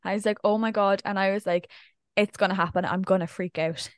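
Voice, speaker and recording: A young woman chats through a story, slipping into the voices of the people she quotes. Her pitch sits in the middle range. The recording is dry and close, with little room sound. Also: steady tone, brisk, dry recording. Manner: chatty storyteller acting out quoted speech. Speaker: podcast co-host. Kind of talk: casual chat.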